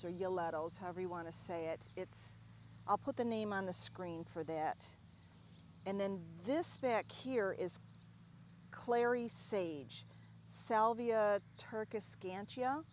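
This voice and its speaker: A woman with a mid-range voice strolls through her home garden outdoors, chatting casually about what's blooming and getting openly excited over her plants. A faint hum of outdoor noise sits behind her. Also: medium pitch. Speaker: gardening vlogger. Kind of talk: casual garden tour narration.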